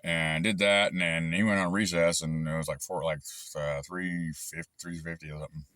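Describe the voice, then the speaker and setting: Frustrated guy rambling on, low voice, dry close sound, lots of uhs. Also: steady tone, moderate pace, sharp tone, smooth, no echo. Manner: rambling, frustrated, many fillers and restarts. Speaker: channel host recounting a dispute. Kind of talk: casual rambling monologue.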